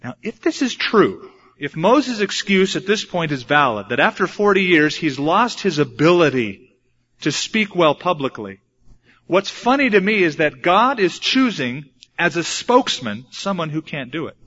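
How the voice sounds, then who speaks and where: A man's voice: on the high side, sing-song, normal speed, a bit bright. A man, a father of a young son, preaching a sermon and acting out the voices he quotes. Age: adult with a young son. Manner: dramatic, acts out quoted voices. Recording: dull lo-fi recording.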